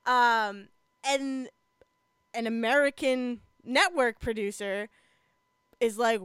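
A young woman chatting casually on a podcast, talkative and quick to laugh, with many fillers. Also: fairly high pitch, fairly bright tone, smooth, dry recording. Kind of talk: casual chat about TV shows.

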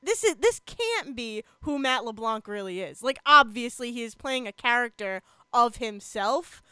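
A young woman with a high, smooth, clear voice chats casually about television, laughing often and filling gaps with "like" and "um". Her voice is close and dry, with no room around it. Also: lively intonation, normal speed, sharp tone, no room sound. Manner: chatty, laughs often, many fillers. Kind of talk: casual chat about TV shows.

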